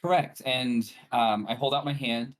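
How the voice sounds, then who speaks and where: Calm male player. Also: medium pitch, a little slow. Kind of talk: tabletop role-play.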